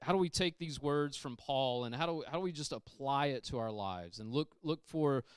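A man preaching a sermon, emphatic and repetitive, moving from loud passages down to hushed ones. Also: medium pitch, moderate pace, smooth, no echo, studio quality. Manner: emphatic, repeats phrases, shifts from loud to hushed. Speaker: pastor. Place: church sanctuary.

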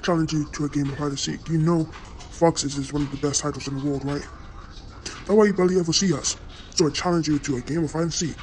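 A woman's voice: low voice, steady tone, darkish tone, slight background noise, natural voice. Woman as a smug speedy fox, all bragging. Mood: boastful. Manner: rapid, bragging taunts. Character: cocky boastful fox, fast-talking.

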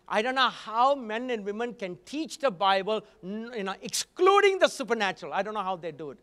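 A man's voice: high-pitched, big pitch swings, a little fast, fairly bright tone, big-room sound. A man preaching a sermon, telling a story with frequent asides. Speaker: guest preacher.

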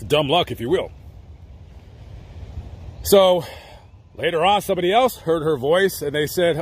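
Husky-voiced man rambling outdoors. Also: a little high, expressive, measured pace, pauses often. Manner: rambling, chatty, with joking asides. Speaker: vlogger. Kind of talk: casual storytelling. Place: outdoors at a cemetery.

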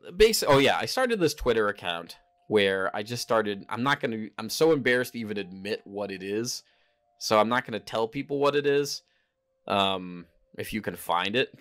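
A man's voice: lowish voice, a bit bright, clear, resonant tone. A man hosting a casual solo podcast, rambling and hesitant, often stopping to correct himself. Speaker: podcast host. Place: home in Japan.

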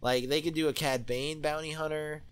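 A young man giving excitable, rambling commentary while playing a video game, with many fillers. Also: on the high side, moderate pace, clear, resonant tone. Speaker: let's play host. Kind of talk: gaming commentary.

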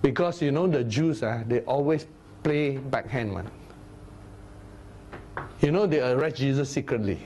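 A man teaching a Bible study sermon, animated, sometimes dropping into low, grave tones. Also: measured pace, long pauses, a little hiss or hum. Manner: animated, acts out crowd voices in a raised voice; drops to low, grave tones for solemn points.

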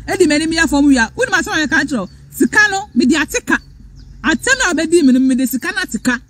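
A Ghanaian woman hosting a live stream, lecturing fiercely and repeating her points. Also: high voice. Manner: fiery, lecturing, repeats phrases, switches between English and Twi. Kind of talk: impassioned live-stream rant.

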